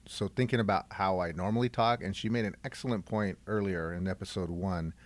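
A middle-aged man, a former first responder, speaking earnestly in an interview and repeating his points for emphasis. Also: low voice. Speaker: guest, retired first responder. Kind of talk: reflective podcast interview.

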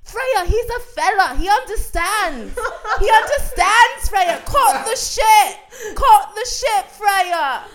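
A woman putting on a British accent to voice an angry young man shouting at his girlfriend over money. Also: very high-pitched, big pitch swings, slow, hardly any pauses, a little hiss or hum, voice pushed up, exaggerated voice. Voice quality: shouting, repeating himself.

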